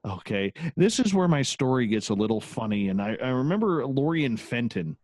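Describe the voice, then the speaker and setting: A man tells a personal story in a relaxed, candid way, his pitch rising and falling freely as he goes. He talks like a radio host who is used to the mic. The sound is close and dry, with no room around it. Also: normal speed, no echo. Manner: animated, candid, swears casually. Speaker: guest, radio show host. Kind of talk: casual storytelling in an interview.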